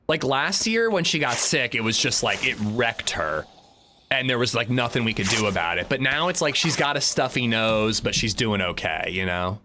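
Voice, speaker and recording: Bright-voiced young man chatting on stream. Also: mid-range voice, expressive, normal speed, a little hiss or hum. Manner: chatty and rambling, frequent restarts and fillers. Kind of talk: casual gameplay livestream chat.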